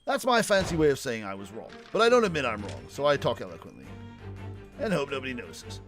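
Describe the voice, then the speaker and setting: A man's voice: medium pitch, very animated, quick pace, a bit bright. A man streaming a game, joking in self-mocking asides while reading the text aloud. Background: game music.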